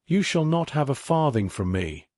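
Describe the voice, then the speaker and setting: A man's voice: medium pitch, very animated, moderate pace, darkish tone, no echo, clean studio sound, voice pushed up, close to an everyday voice. A man voicing an older banker father, stern and indignant toward his son.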